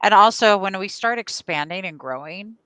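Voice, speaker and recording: A woman's voice: medium pitch, animated, moderate pace, bright, forceful tone, clean tone, no echo. A woman co-hosting a live stream, casually chatting and reading out viewer comments in an upbeat, agreeable way. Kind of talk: casual chat.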